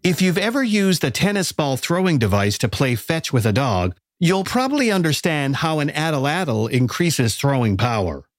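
A man giving measured, scripted documentary narration. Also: on the high side, very animated, no room sound, clean studio sound. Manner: measured, explanatory.

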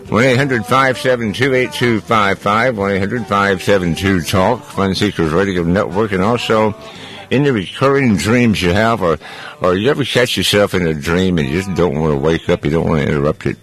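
A deep-voiced man hosting a call-in radio show. He rambles in a loose, joking way as he chats with callers. Soft music sits faintly behind him. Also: fairly quick. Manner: rambling, jokey, chatty. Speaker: radio talk show host. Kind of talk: casual call-in radio chat.

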